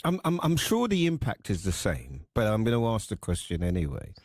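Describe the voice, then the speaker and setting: A radio host leading a studio chat, playful and teasing, with a lively voice that swings widely in pitch. He acts out small anecdotes as he goes. The sound is dry and close. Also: fairly quick, no room sound. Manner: animated, teasing, acting out anecdotes. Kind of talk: radio talk show.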